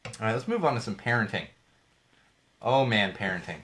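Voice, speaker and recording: A man's voice: on the low side, sing-song, fairly quick, a bit bright. A young man hosting a solo podcast, talking candidly and rambling, with frequent restarts and fillers. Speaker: podcast host. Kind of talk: casual solo podcast talk.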